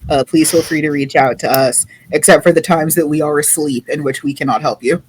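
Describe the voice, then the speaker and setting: A woman co-hosting a podcast in casual chat, with a wry, deadpan teasing manner. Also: sits low, brisk, noisy background. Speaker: podcast co-host.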